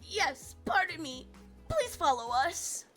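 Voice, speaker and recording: A woman's voice: extremely high pitch, sing-song, takes it slowly, faint music behind, voice pushed up, heavily acted. A woman voicing a nervous, nerdy young male activities coordinator in a game, formal and stiff with a jittery edge. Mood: flustered.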